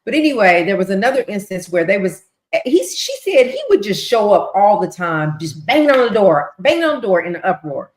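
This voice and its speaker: A woman's voice: mid-range voice, very animated, brisk. Woman, livestream host, chatty recap, retells with voiced quotes, roomy echo. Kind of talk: casual recap of trial testimony.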